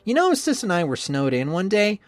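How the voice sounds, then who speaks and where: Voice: medium pitch, big pitch swings, fairly quick, pitched above the performer's own voice, natural voice. A spiteful young rival man, voiced by the reader, sneers through every line and swears freely. The speech rises and falls in wide swings. Faint music plays behind him. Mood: bitter. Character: bitter, resentful young male rival, sneering. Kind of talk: visual novel voice acting.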